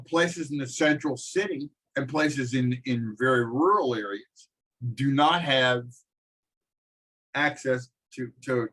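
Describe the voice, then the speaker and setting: Man, middle-aged, college instructor, online lecture, halting delivery, lots of fillers, video call audio. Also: mid-range voice, fairly bright tone, rough recording. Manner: halting, many fillers and restarts.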